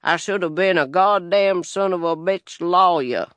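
A man's voice: high-pitched, measured pace, fairly bright tone, no echo. A man voicing a self-pitying white planter in his thirties, a heavy drinker, with a whining, sorry-for-himself way of talking. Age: 30s.

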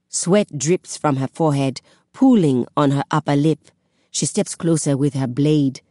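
A woman narrating a first-person story as an audiobook, in a measured, dramatic way. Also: low voice, dark tone, dry recording, studio quality.

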